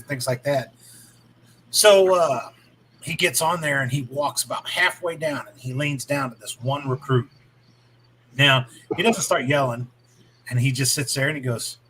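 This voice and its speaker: Man, casual storyteller, bright forceful tone, faint room noise. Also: on the high side, low-quality recording. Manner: explanatory, drawn-out storytelling.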